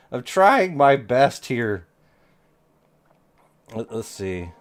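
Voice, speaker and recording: A man hosting a live game stream in casual chat, playful and teasing as he works the stream. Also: mid-range voice. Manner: playful, teasing, talks while working the stream. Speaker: streamer host.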